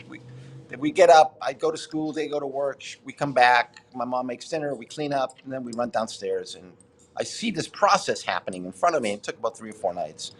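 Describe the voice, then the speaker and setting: With slight background noise behind him, a Boston man in his sixties talks at medium pitch as a podcast guest. His storytelling is rambling and laced with swearing, full of self-interruptions, in a laid-back interview.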